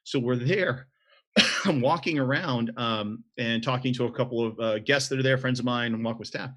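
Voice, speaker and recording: A man's voice: mid-range voice, normal speed, a bit bright. A man from the Southern United States, a convention organizer, telling anecdotes in a casual chat. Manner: storytelling, anecdotal.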